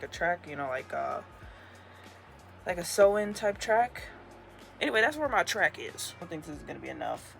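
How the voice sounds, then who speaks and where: Bright-voiced, chatty young woman vlogger. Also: low-pitched, creaky. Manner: chatty and expressive, swinging between weary grumbling and squealing excitement. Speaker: crochet vlogger. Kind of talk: casual craft vlog, talking to camera. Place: her bedroom.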